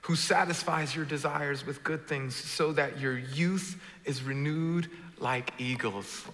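A man preaching a sermon, jumping from booming, joking lines to hushed, quiet ones as he works the crowd. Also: slow pace. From Brooklyn. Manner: animated, swings from booming to hushed, jokes with the crowd. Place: church auditorium. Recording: large reverberant hall.

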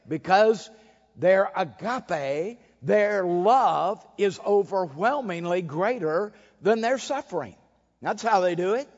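High-voiced preacher in a reverberant hall. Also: male voice. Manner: dramatic, swings between loud and hushed; acts out quoted voices, wry humor. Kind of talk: sermon. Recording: dull recording with a long hall reverb.

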